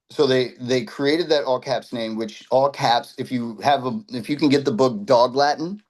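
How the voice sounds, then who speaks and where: A man's voice: mid-range voice, low-quality recording. A man teaching an informal class, talking in a loose conversational way and often checking in with "right?" as he explains. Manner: restarts and repeats himself while explaining. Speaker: instructor.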